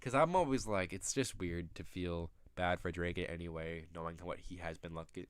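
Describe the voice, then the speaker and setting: Young male commentary host, rambling profane rants, low-set voice, dead-dry sound. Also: normal speed, clean tone, no echo. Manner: sudden loud outbursts. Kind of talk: casual commentary reacting to pictures.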